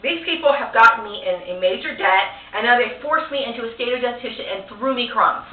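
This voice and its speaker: An agitated woman with a slightly high voice rants to camera, tagging nearly every sentence with "okay?" and going over the same complaints again and again. She sits some distance from the mic, so her voice reaches it echoey and thin, like a phone line. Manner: repetitive, circling back over the same complaints. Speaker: vlogger. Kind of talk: personal rant to camera.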